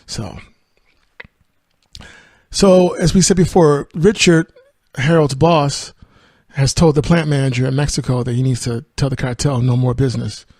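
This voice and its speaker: A man's voice: mid-range voice, fairly even intonation, a little slow, darkish tone, dry recording, clean studio sound. A man hosting a podcast, casually retelling and reviewing a film in a rambling way. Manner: rambling, with fillers and laughs. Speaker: podcast host.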